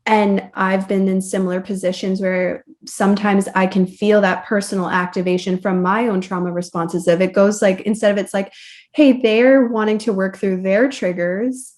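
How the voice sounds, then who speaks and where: A woman's voice: mid-range voice, steady tone, moderate pace, darkish tone. A woman therapist guest in a podcast interview, explaining ideas reflectively with loose, casual fillers.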